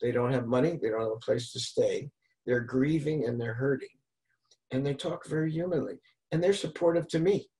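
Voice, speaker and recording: Man, podcast host, casual chat, rambling, restarts, middle pitch. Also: a little fast, dark tone, poor audio. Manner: rambling, restarts, retells street encounters.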